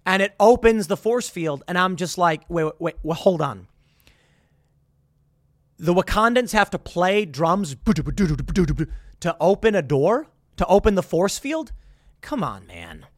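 A man's voice: sits high, big pitch swings, measured pace, dry recording, clean studio sound. A man giving an opinionated, sarcastic movie commentary, talking incredulously and restarting his sentences often.

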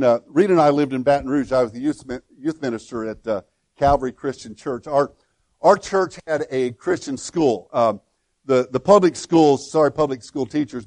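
A man's voice: medium pitch, darkish tone, dry recording. A middle-aged man pastor giving a conversational sermon, with frequent restarts and repeated words.

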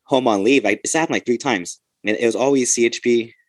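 A man's voice: mid-range voice, a little fast, dry recording. A man, a police officer and podcast host, telling loose, profane stories in casual chat.

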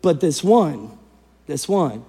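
A male pastor preaching a sermon in an animated way, acting out the people in the story and swinging between loud and hushed delivery. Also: a little high, slow, vocal fry, breathy edge, big-room sound.

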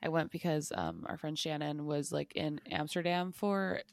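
A woman's voice: sits low, expressive, normal speed, vocal fry, no echo. A young woman co-hosting a podcast, chatting casually and rambling with lots of fillers and laughter. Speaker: podcast co-host. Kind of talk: casual chat.

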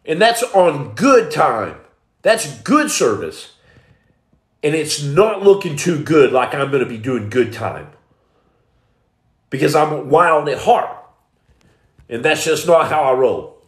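Brief: man, a bit high-pitched, blunt and streetwise, giving testimony, echoey room. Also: sing-song, takes it slowly, long pauses. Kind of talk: personal testimony, preacher-like storytelling. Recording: roomy echo.

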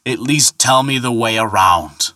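A man's voice: medium pitch, measured pace, pushed and bright, no echo, clean studio sound. A man voicing an angry, blustering thunder god who roars his lines. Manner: roaring, furious.

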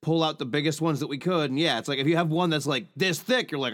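A man's voice: a little high, quick pace, a bit bright. A man co-hosting a casual true-crime podcast, wry and crude in his jokes. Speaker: podcast co-host.

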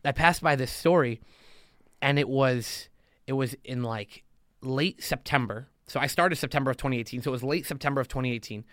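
A man's voice: mid-range voice, a little fast, a bit bright, dry recording, studio quality. A man talking as a podcast guest in casual conversation, emphatic and motivational, driving his points home by repeating them. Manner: emphatic and motivational, hammering points through repetition. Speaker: podcast guest, loan officer.

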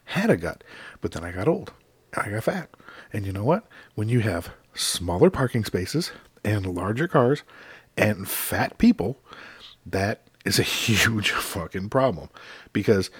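A middle-aged American man rants with exasperated, profane emphasis. His voice is low and husky, recorded dry and close with no room sound. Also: no echo. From United States. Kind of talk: profane comedic rant to camera.

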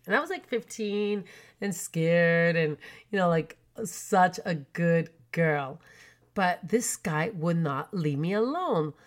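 A woman in her forties from Canada, telling personal stories in a chatty, animated way with many fillers. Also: low-pitched, unhurried. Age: 40s. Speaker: podcast host. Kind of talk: storytelling chat.

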